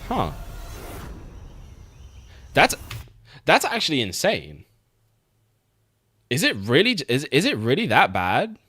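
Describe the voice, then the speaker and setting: A man's voice: fairly high pitch, wildly swooping pitch, slow, long pauses, pushed and bright, breathy edge, no room sound. A young man streaming, chatting casually about games, swearing freely and laughing often. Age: young adult. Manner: laid-back, swears, laughs often, repeats words.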